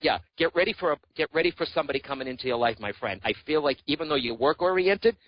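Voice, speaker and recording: A man's voice: fairly high pitch, expressive, quick pace, dry recording, muffled recording. Earnest reassuring man on radio. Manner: earnest, reassuring, keeps addressing the caller by name. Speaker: psychic medium guest. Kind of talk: on-air psychic reading.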